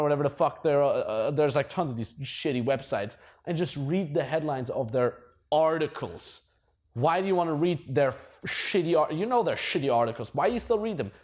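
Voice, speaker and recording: A man's voice: a little high, a little mellow. A man giving casual dating advice, swearing a lot and laughing at his own stories. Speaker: dating coach.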